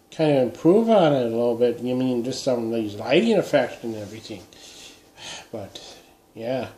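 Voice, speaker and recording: A man's voice: fairly high pitch, mellow, lightly acted. A man playing a middle-aged Minnesotan who rambles while drinking beer, speaking with a Minnesota accent. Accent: Upper Midwest (Minnesota). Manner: rambling, meandering, trails off. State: tipsy from beer. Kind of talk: comedy character vlog. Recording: echoey room.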